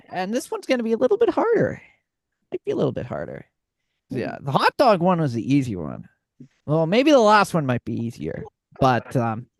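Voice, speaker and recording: An upbeat man running a casual game round, his pitch swinging up and down as he talks. The recording is dry and close, with no room sound around him. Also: no room sound, rough recording. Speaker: game host. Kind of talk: casual game-show banter.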